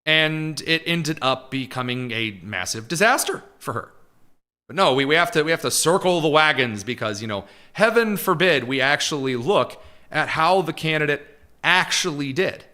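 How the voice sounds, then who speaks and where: A man's voice: on the high side, lively intonation, moderate pace, bright, forceful tone. A man hosting live political commentary, talking in a sarcastic, mocking way.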